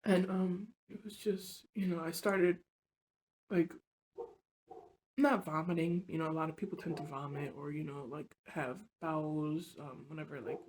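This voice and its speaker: A woman telling a personal story on her vlog, rambling and confessional, filling her talk with "like" and "you know" and often sinking soft and low. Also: fairly even intonation, moderate pace, slight background noise. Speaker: vlogger.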